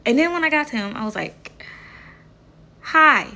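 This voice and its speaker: A young woman talks casually to camera, telling a story with animated energy. Her voice is bright and sharp with a gravelly edge, and she often laughs and swears as she goes. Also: high voice, moderate pace. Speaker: vlogger.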